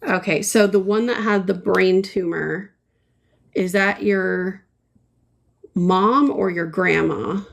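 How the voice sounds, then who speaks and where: A woman's voice: mid-range voice, takes it slowly, creaky, long pauses. A middle-aged woman giving a casual live painting tutorial, chatty and full of ums as she answers viewers' comments while she works. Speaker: painting instructor.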